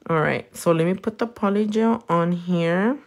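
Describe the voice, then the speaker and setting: A woman with a Californian accent and a slightly low voice talks her viewers through her work. She is playful and loose, swearing often and slipping in Spanish words. She chats casually while she works. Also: normal speed. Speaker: nail technician. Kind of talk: casual chat while working, reading comments.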